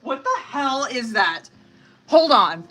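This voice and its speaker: A woman in her thirties or forties chats casually from her home kitchen on a live tarot stream, her voice high, sing-song, slow and a bit bright. She's blunt and profane, laughing often as she reads messages aloud.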